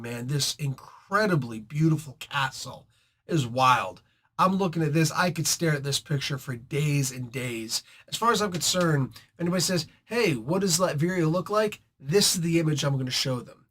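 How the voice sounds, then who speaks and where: A man hosting a casual comic book review, chatty and excitable, rambling between thoughts. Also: a little high.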